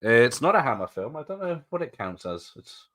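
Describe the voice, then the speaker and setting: A man's voice: medium pitch, very animated, normal speed, fairly bright tone. A man streaming a watch party, chatting casually, laughing often and replying to viewers. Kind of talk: casual live commentary.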